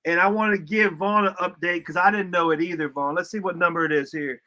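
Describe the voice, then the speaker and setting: A man co-hosting a live fan stream, joking and excitable in slangy casual chat, getting over a summer cold. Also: high voice, brisk. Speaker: co-host.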